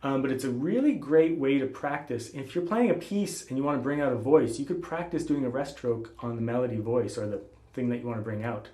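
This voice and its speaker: A man giving a classical guitar lesson, explaining technique calmly and patiently and calling out finger letters. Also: medium pitch, fairly quick. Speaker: guitar teacher. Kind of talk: spoken instruction between playing. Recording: roomy sound with guitar playing.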